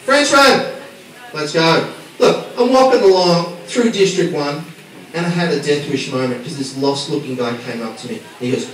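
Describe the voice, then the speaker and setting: A man's voice: a little high, expressive, brisk. Brash sweary Australian stand-up man. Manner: brash, sweary, teasing the audience. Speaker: stand-up comedian. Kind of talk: stand-up routine with crowd work. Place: small comedy bar. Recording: echoey club from far off, crowd laughter.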